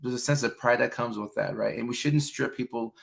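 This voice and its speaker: A man's voice: mid-range voice, a little fast, creaky. A young adult man hosting a livestream, chatting casually about relationships and answering viewer questions, with lots of fillers. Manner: loose and chatty, many fillers, acts out quoted voices. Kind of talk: casual live chat.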